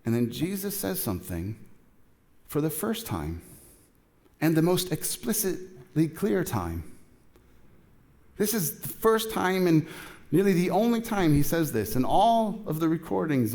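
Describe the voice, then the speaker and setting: A middle-aged man preaching a sermon in a casual, chatty way, acting out both sides of a dialogue with lively shifts in voice. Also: fairly high pitch, unhurried. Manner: casual, chatty, with many fillers and asides. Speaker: pastor.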